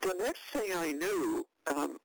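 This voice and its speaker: An older woman speaks in a low, deep register at a slow, deliberate pace. She recounts a past event in an interview, pausing on fillers and restarting her sentences. Her delivery is dry and wry, and the recording sounds close and dead, with no room echo. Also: sing-song. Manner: halting and measured, with many fillers and restarts.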